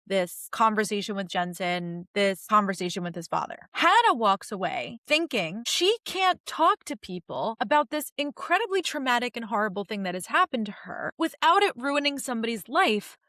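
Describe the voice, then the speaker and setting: This young woman, hosting a podcast recap of a TV series, has a slightly high voice, speaks at normal speed, and barely pauses; the studio-quality audio has no echo. She's animated, swears casually, and acts out lines in a raised voice.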